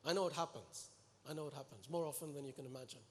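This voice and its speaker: A man's voice: mid-range voice, fast. Earnest man preaching in an echoey hall. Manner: earnest and animated, pleading and exhorting the congregation. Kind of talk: sermon. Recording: echoey hall with long reverb.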